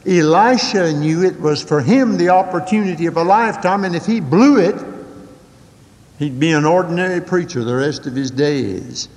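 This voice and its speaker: An older man preaching a sermon, telling folksy stories with dramatic swings from quick asides to slow, drawn-out emphasis. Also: expressive, a little mellow, big-room sound. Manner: folksy storytelling with dramatic swings in pitch and pace.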